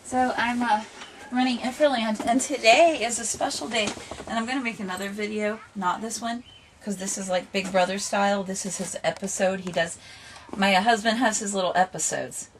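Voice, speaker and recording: A woman's voice: mid-range voice, steady tone, normal speed, slight background noise. A woman talks in an easy, wandering way on her home vlog, hopping from thought to thought. She gets playfully bossy now and then. Her voice sits mid-range, and faint room ambience runs underneath. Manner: rambling, chatty, playfully bossy. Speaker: vlog host. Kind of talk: casual home vlog chat.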